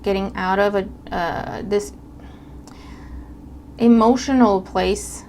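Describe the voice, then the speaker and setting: Woman doing a relaxed tarot reading to camera, conversational, medium pitch, faint noise underneath. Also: slow. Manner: conversational, checks in with listeners often. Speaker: tarot reader.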